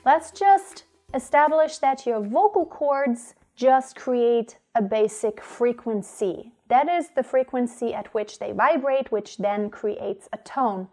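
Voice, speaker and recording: A woman teaching singing, explaining vocal technique clearly and stopping to demonstrate tones. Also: a little high, takes it slowly, few pauses, a little mellow, soft background music.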